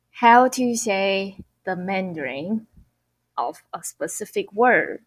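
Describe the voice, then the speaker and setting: A woman teaching an online Mandarin lesson, who explains cheerfully and repeats phrases slowly. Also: medium pitch. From Taiwan.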